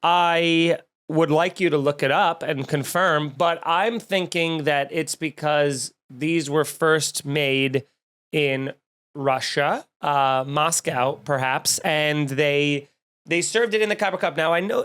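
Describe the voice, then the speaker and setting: A man hosting a comedy podcast, telling stories in a snarky, rambling, animated way. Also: a little high, unhurried. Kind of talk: casual comedic rant.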